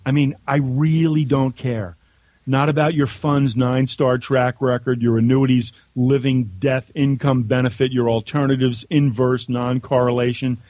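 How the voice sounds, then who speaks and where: A man's voice: medium pitch, level tone, normal speed, darkish tone, no room sound, highs cut off. A man from the United States, a podcast guest, reading his own letter aloud in a blunt, conversational way on a remote call. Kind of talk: casual chat and reading aloud.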